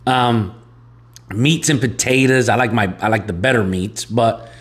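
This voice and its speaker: A man co-hosting a casual podcast, talking in an animated, excitable way, repeating himself and calling his co-host "bro". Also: mid-range voice, measured pace. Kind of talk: casual chat.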